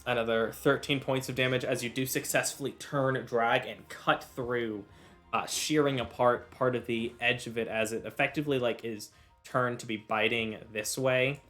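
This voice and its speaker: A man runs a tabletop game, describing the combat and pausing to explain rules with plenty of uhs. His pitch sits in the ordinary middle. Faint music plays behind him. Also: steady tone, fairly bright tone. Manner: explains rules patiently, many filler uhs. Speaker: game master. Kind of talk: narrating and refereeing a tabletop game.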